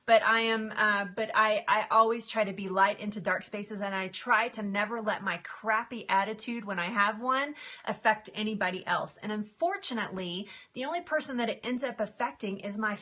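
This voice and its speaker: A middle-aged woman chatting casually on a live stream, emotional and quick to laugh, answering viewer comments. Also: mid-range voice, pushed and bright. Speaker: livestream host.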